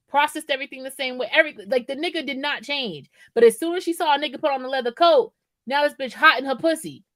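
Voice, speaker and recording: Woman podcast co-host, casual and profane, rambling style, slightly high pitch, dry close recording. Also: dry recording. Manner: profane, rambling, keeps asking "right?". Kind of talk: casual chat.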